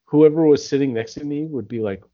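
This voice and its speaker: A man's voice: a little high, brisk, dark tone. A man co-hosting a podcast, chatting casually, telling stories animatedly and swearing often. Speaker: podcast co-host. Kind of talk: casual chat. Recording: dull lo-fi sound.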